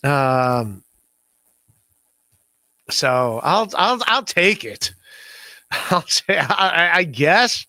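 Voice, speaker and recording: A man runs a loose podcast livestream, rambling, laughing at himself and tripping over repeated words as he reads chat. His voice is bright and slightly high. The sound is dry and close, with no room in it. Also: sing-song, drawn-out words, long pauses, no room sound. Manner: rambling, self-deprecating, laughs often, stammers. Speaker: podcast host. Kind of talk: casual livestream chat, reading chat messages.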